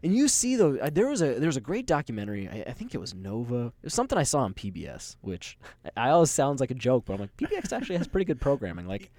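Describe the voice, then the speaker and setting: A man's voice: medium pitch, wildly swooping pitch, fast talker, mellow, no room sound. A young man co-hosting a podcast, telling stories in a rambling, casual way with easy swearing and laughter. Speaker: podcast co-host. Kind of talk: casual chat, storytelling.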